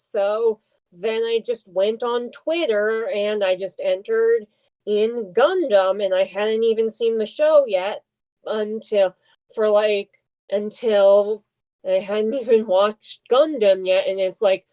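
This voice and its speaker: A young woman co-hosts a casual podcast, speaking slowly in a mellow, warm voice. She hesitates often, pausing and restarting her sentences. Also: medium pitch, poor audio. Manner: hesitant, many ums and restarts. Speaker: podcast co-host.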